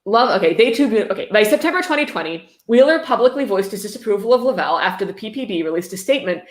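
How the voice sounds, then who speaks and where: A woman's voice: medium pitch, animated, fast talker, few pauses. A woman on a livestream reading a book aloud and breaking in with sarcastic, mocking commentary. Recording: roomy echo.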